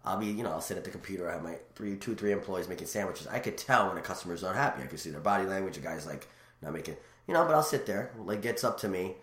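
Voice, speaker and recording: Fast-talking deep-voiced man, rambling chat. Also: echoey room. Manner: rambling, animated storyteller with many restarts. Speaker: guest. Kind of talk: casual chat.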